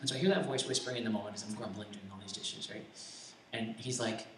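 A man's voice: lowish voice, fast, fairly bright tone, slight background noise. A young man giving an informal sermon full of personal stories, rambling and conversational with lots of restarts and self-deprecating humor. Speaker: preacher. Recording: echoey room, distant mic, faint ambience.

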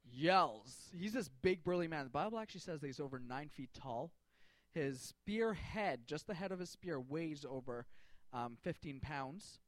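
A man's voice: fairly high pitch, dry recording. A man in a casual, jokey storytelling sermon, talking to a group with slang and fillers.

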